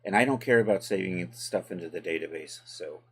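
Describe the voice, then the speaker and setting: Low-voiced man casually thinking aloud. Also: brisk, breathy edge. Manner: relaxed, chatty, talks to chat while working. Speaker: livestream host and 3D software tutor.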